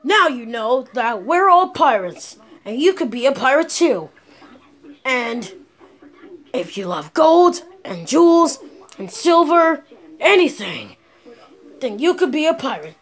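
A woman voicing a cheerful pirate animatronic fox, talking playfully and excitedly straight to the viewers in a toy play video. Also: high-pitched, slow, pauses often, heavily acted.

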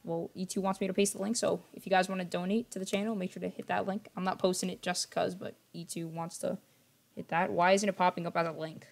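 This young man talks fast in a high, gravelly voice with a level tone. Streaming a game, he chats casually with his audience, drifting off track and apologizing a lot. Sometimes he keeps his voice low to avoid noise.

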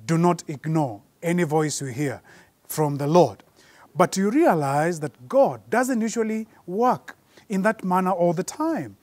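Guy preaching a sermon, kinda high voice, slows way down and repeats stuff for emphasis. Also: a little mellow, no room sound.

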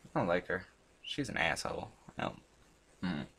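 A man hosting a gaming channel, chatting casually and rambling as he plays, swearing often and breaking into sudden loud outbursts. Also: deep voice, sing-song, normal speed, husky. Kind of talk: casual commentary while playing a chatbot.

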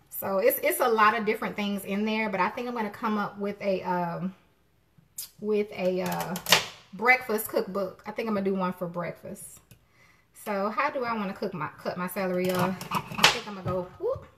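A middle-aged cooking show host streams live from her home kitchen, chatting with viewers and greeting them by name. Her medium-pitched voice is a bit bright and has a distinctive sound people often call unusual, with a little hiss or hum in the recording.

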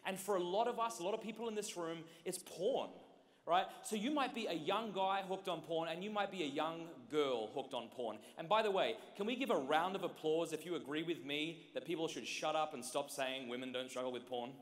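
A man speaking to a large conference audience in an energetic, joking way, talking straight to the crowd. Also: on the high side, a little fast. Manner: joking, direct, keeps addressing the audience. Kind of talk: energetic motivational talk to a crowd. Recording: long hall reverb.

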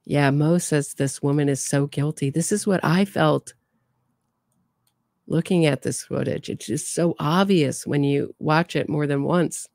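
A woman's voice: sits low, measured pace, gravelly, a little mellow, dry recording. A woman giving opinionated, sarcastic true crime commentary. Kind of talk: casual commentary.

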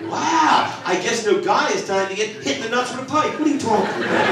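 Older guy doing stand-up, high voice, booming echoey theater, crowd cracking up. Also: fairly quick, few pauses, recorded from a distance, very noisy. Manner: punchy, mock-indignant, rising to shouts. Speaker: stand-up comedian. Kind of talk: stand-up comedy set. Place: large theater stage. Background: laughing audience.

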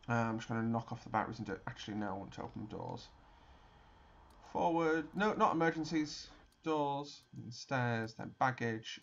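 A man's voice: medium pitch, fairly bright tone, lo-fi sound. Chatty man narrating a flight sim. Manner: chatty, rambling, laughs, restarts a lot. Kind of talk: casual gameplay commentary.

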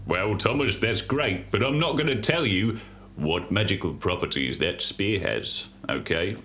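Man playing a husky-voiced stern mother who scolds and disapproves. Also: on the low side, expressive, a little slow, fairly bright tone. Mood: scolding. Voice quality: husky, masculine.

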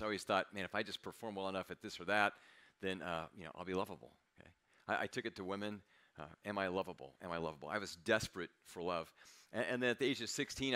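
Bright-voiced preaching man. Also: on the low side. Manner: confessional, conversational preaching that drops to a near-whisper at times. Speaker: pastor. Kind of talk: sermon.

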